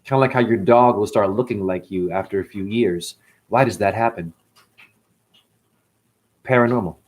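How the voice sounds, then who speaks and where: A man's voice: lowish voice, normal speed. A middle-aged man hosting a spiritual livestream, ranting in a profane, preachy way and answering his chat.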